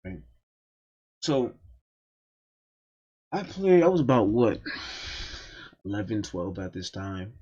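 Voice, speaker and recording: A man's voice: on the low side, very animated, takes it slowly, long pauses, mellow, slightly rough, dull audio. A man telling a personal story in a casual, profane and emphatic storytime monologue.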